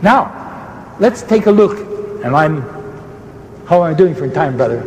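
Man, fervent sermon, high voice, leaps higher on key words, long hall echo. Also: lively intonation, darkish tone, slight background noise. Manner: fervent, swoops high for emphasis; fast-talking, restarts mid-sentence. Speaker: preacher in a debate.

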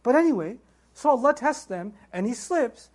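Man, high voice, animated storytelling, religious talk. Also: normal speed. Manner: animated storytelling, rhetorical questions. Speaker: Islamic speaker.

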